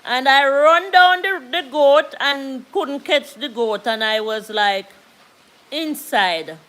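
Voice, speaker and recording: A woman with a Jamaican accent telling a story casually on a live stream, unhurried and repeating phrases for emphasis. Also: sits high, a bit bright, low-quality recording.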